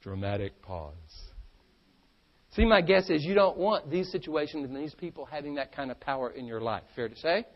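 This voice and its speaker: A man giving an energetic, playful seminar talk to a live audience and drawing answers from the crowd. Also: fairly high pitch, a little fast, few pauses, highs cut off. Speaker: stress management speaker.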